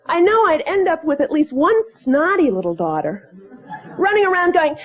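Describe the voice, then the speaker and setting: A woman's voice: extremely high pitch, big pitch swings, normal speed. A woman with an Ohio accent doing chatty, self-mocking stand-up comedy on a club stage. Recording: muffled club recording with loud crowd.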